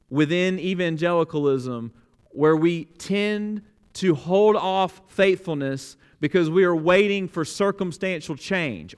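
Pastor, male, fairly high voice, earnest and emphatic sermon delivery, restarts with repeated words. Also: a bit bright, smooth.

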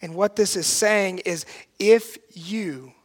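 Earnest, high-voiced male pastor preaching. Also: slow pace. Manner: earnest and emphatic, swinging from hushed to loud. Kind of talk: sermon.

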